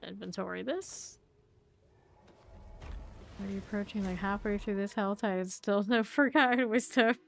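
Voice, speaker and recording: A woman streaming a video game, chatting casually with her viewers and reacting with quick asides and laughs. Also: medium pitch, steady tone, vocal fry, a little hiss or hum. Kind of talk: casual chat while playing.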